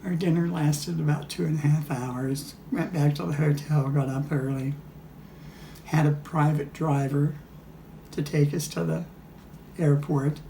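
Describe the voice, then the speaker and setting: A man's voice: a little high, fairly even intonation, unhurried, vocal fry, mellow, slight background noise. An older man casually recounting travel memories, rambling with frequent restarts and chuckles. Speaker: storyteller. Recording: echoey room.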